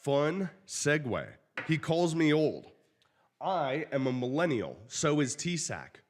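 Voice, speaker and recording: A man in his thirties hosts a casual podcast, ribbing his co-hosts with teasing jokes. His pitch moves up and down freely as he tells stories. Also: sing-song, slight background noise. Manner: joking, teasing banter with quick laughs. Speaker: podcast host. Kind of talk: casual chat.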